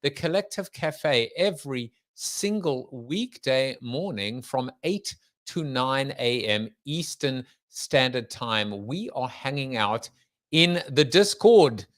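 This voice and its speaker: A man's voice: medium pitch, lively intonation, takes it slowly, fairly bright tone. A middle-aged man hosting a podcast, opening the show with a playful, rambling monologue full of jokes and wordplay. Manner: jokey, theatrical, riffing with wordplay. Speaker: podcast host.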